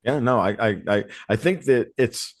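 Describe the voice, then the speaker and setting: A man hosting a podcast, talking in a rambling, animated way that keeps circling back on itself. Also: medium pitch, normal speed, no echo, clean studio sound. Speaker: podcast host. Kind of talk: casual podcast conversation.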